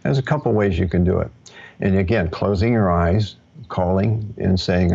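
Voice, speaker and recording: A man teaching in a live question-and-answer session, relaxed and reassuring, with many fillers. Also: low-pitched, normal speed, creaky, husky. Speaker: teacher of ancestral practice. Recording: dull lo-fi audio.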